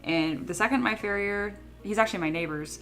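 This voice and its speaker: A woman's voice: mid-range voice, a little fast, a bit bright, soft background music. A young woman from California chatting casually while she works on a livestream, rambling and laughing often. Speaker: 3D sculptor streaming her work.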